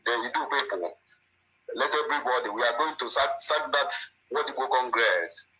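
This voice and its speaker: A man's voice: medium pitch, normal speed, pushed and bright, poor audio. A man calling in to a talk show, speaking indignantly and emphatically, repeating himself. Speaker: caller. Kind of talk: phone-in call.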